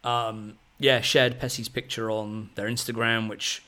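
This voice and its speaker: Male podcast host, 30s, mid pitch, excitable rambling storyteller. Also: unhurried. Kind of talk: casual storytelling chat.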